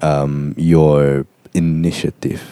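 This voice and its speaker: A man, speaking in a thoughtful, measured way as a podcast co-host. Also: extremely low pitch, little pitch movement, warm tone, smooth, no room sound. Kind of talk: casual chat.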